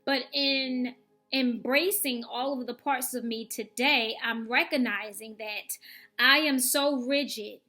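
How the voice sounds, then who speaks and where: A woman's voice: sits high, steady tone, slow, sharp tone, soft background music. A woman giving a candid personal faith testimony in a frank, conversational, reflective way. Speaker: vlogger sharing faith testimony.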